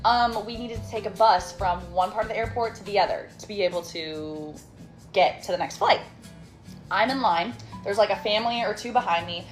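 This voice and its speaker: A woman's voice: mid-range voice, normal speed, faint music behind. A young woman casually telling a storytime, chatty and dramatic with sassy asides.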